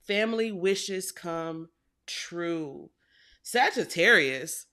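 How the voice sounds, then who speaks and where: A woman's voice: fairly low pitch, animated, very slow, pushed and bright. A woman doing a casual tarot reading for viewers, chatty and affectionate, repeating phrases for emphasis. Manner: chatty and affectionate, addresses viewers as y'all and baby. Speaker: tarot reader.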